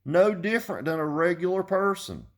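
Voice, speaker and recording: A man's voice: high-pitched, big pitch swings, normal speed. A man in his fifties ranting bluntly to his viewers, cursing freely and repeating himself when he gets heated. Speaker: car audio vlogger. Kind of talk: casual rant to camera.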